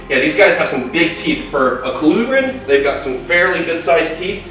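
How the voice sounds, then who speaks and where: A young man hosting a casual animal vlog, excitable and jokey while handling snakes in an indoor reptile room. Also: medium pitch, distant mic, a little hiss or hum. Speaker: reptile keeper and vlog host. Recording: very echoey room, off-mic.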